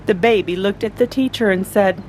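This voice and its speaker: A woman reading a children's story aloud to a group, slow and expressive. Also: medium pitch, very noisy. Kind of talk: picture-book read-aloud.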